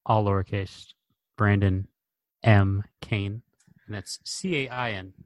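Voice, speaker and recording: A man co-hosting a casual podcast, with a fairly low voice. He speaks in a joking, laid-back way. The recording is dry. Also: steady tone, slow pace, no echo, poor audio. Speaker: podcast co-host.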